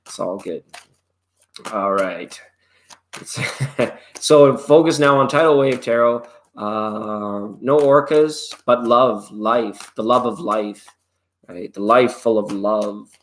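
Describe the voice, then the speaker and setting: A man's voice: lowish voice, slow pace. Rambling, playful male tarot reader. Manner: loose and playful, drifts into jokes and snatches of song. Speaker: tarot reader hosting a live stream. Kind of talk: casual rambling live-stream chat.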